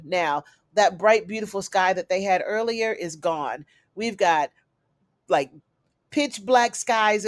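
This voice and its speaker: A woman's voice: fairly low pitch, no echo. A woman giving a chatty, casual recap of a TV episode, calling her viewers y'all and honey. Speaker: TV recap reviewer.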